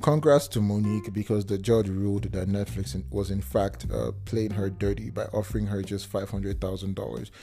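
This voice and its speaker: Man ranting on his podcast, mellow tone. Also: fairly low pitch, moderate pace, gravelly, hardly any pauses, soft background music. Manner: heated ranting that drops into calm murmurs; casual slang-heavy talk with filler restarts. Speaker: podcast host. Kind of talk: solo podcast rant.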